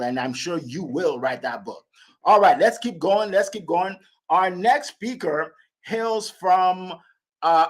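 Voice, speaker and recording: A man hosting a live motivational call, his voice sitting slightly high for a man. He talks in a loose, upbeat way, hyping each speaker and laughing easily as he hands over the floor. The sound is of a voice on an audio call. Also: slow. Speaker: host. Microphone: phone or computer on an audio call.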